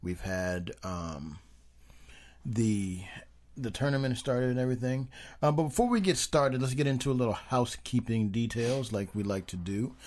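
A man's voice: mid-range voice, moderate pace, a little mellow. Rambling man hosting a casual podcast. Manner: rambling, many ums, teasing. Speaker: podcast co-host.

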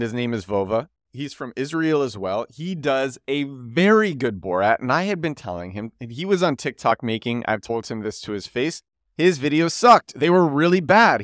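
A man hosting a solo podcast, telling stories with energy and quickly voicing the friends he quotes. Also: medium pitch, no room sound, studio quality. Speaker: podcast host.

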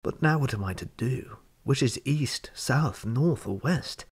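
A man's voice: mid-range voice, lively intonation, a little slow, slightly rough. A man voicing a small, anxious male hobbit burglar in a storybook reading, fretting and calling out for help. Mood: miserable. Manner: fretful, crying out for help.

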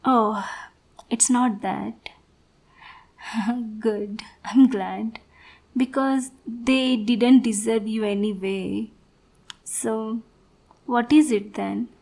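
A woman voicing a possessive, creepy young yandere woman in a whispered role-play, speaking softly and sweetly with a quietly controlling manner. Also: a little high, steady tone, extremely slow, gravelly, pauses often, full character voice. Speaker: ASMR role-play performer.

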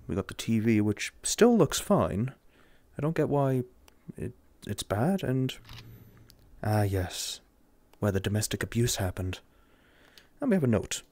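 A young English man commenting jokingly and sarcastically while playing a horror game, getting excited easily. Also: mid-range voice, dry recording. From England. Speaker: gamer.

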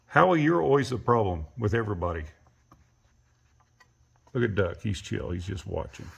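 A man filming his pets and talking to them casually, coaxing and scolding, and jumping into high baby talk. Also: big pitch swings, normal speed, creaky, slightly rough. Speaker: pet owner filming his animals.

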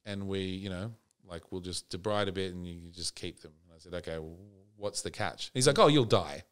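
Australian man, very deep voice, laid-back storytelling, casual swearing. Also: fairly quick, smooth. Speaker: podcast guest.

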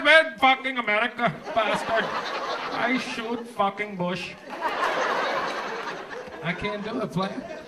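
A man doing live stand-up comedy, brash and profane, teasing the audience. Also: high voice. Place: comedy show in a cinema multiplex. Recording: live crowd laughter and hall noise.

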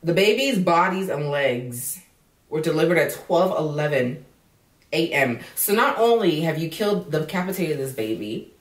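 Reacting to a news story, this female vlogger is indignant and outspoken, cursing freely in casual commentary. She speaks at a moderate pace in a low voice with lively intonation, and the recording is distant and echoey.

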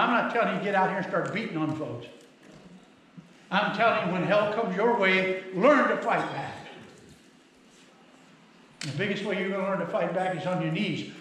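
A man's voice: high voice, fairly bright tone. A middle-aged male pastor preaching a sermon in a folksy storytelling manner, acting out the people in his stories. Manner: folksy storytelling with acted quotes. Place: church sanctuary. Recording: very echoey church hall, faint noise.

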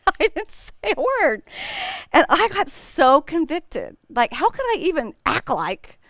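A woman's voice: high-pitched, very animated, slow, fairly bright tone, no room sound, studio quality. A middle-aged woman teaching a women's Bible study, telling a personal story in a chatty way and laughing often.

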